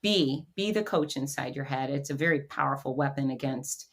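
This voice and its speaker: A middle-aged woman as a podcast guest, telling a personal story in a lively way and acting out the voices of others. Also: very deep voice, moderate pace. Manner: animated storyteller who acts out quotes.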